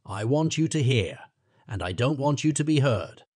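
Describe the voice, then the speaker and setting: A man's voice: medium pitch, lively intonation, moderate pace, a little mellow, no room sound, clean studio sound, natural voice. A man voicing an anxious, loyal older male butler who speaks in a harsh, broken way. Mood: urgent.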